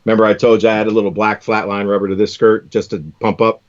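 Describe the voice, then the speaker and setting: A man's voice: lowish voice, flat delivery, fast talker, muffled recording. A man hosting a live stream, chatting casually and enthusiastically while tying fishing lures, often calling people "man".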